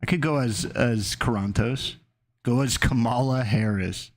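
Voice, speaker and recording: A man's voice: mid-range voice, unhurried. A male streamer in casual chat, riffing loosely and reading his chat aloud.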